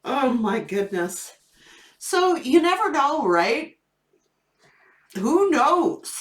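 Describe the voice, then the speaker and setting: A woman's voice: high-pitched, big pitch swings, drawn-out words. A woman doing a casual tarot reading video, telling a funny story with plenty of laughter. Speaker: tarot reader. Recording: echoey room.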